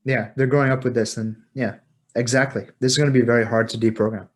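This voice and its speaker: A man hosting a podcast in casual conversation, agreeable and quick to affirm, blunt in his opinions. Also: medium pitch, fairly even intonation. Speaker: podcast host.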